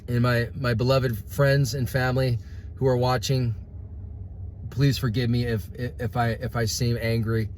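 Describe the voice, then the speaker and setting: A man's voice: medium pitch, level tone, a little slow, darkish tone, a little hiss or hum. A man ranting to his followers in a blunt, casual way, calling people bro and dude and praying aloud. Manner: preachy, prays aloud. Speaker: vlogger. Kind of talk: impassioned rant to followers.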